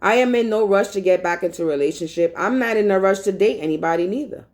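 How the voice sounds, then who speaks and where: A woman's voice: medium pitch, fast, a little mellow, low-quality recording. A woman vlogger in a rambling casual monologue, talking bluntly and profanely.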